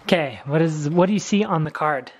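Lively sing-song young mother. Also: low voice, fairly quick, highs cut off, slight background noise. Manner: sing-song, encouraging parent talk. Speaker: vlogger mother. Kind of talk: playing a game with young children.

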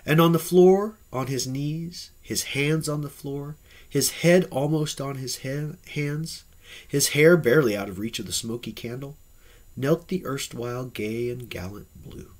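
A man with a husky voice reading an audiobook in an expressive, varied storytelling manner. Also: medium pitch, unhurried. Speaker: audiobook reader. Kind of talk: audiobook narration.

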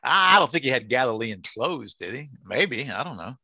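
A man's voice: mid-range voice, sing-song, moderate pace, bright, forceful tone, breathy edge, no room sound. A man, teaching a casual Bible study to an online group. He jokes and asks the group questions.

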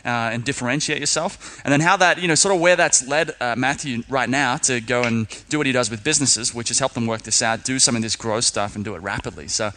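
A man's voice: mid-range voice, a little fast, hardly any pauses, bright, forceful tone. An Australian man hosting a podcast interview, chatting casually and a little self-consciously about his careful on-air diction. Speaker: podcast host.

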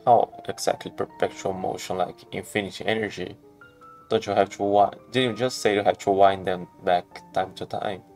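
A man's voice: low voice, fairly even intonation, normal speed, a little mellow, soft background music. A man streaming a video game, making wry casual asides while reading it aloud. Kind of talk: casual let's-play commentary.

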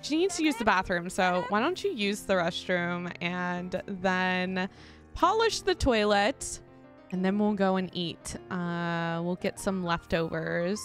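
A woman's voice: on the low side, expressive, slow pace, soft background music. A young woman chatting casually to viewers while playing a life-sim game, giggly and talkative. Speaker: gaming YouTuber. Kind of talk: casual let's-play commentary.

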